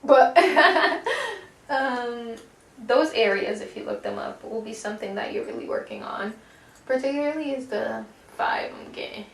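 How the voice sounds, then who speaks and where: A woman's voice: a little high, moderate pace, vocal fry. A woman giving a casual pick-a-card tarot reading, chatty and slangy, swearing and calling the listener baby. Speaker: tarot reader. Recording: echoey room, distant mic, faint noise.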